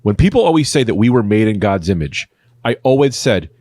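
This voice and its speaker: A man riffing through an improvised comedy podcast, rambling and deadpan-absurd, speaking into a studio microphone. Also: on the low side, a little fast, no echo. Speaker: podcast co-host.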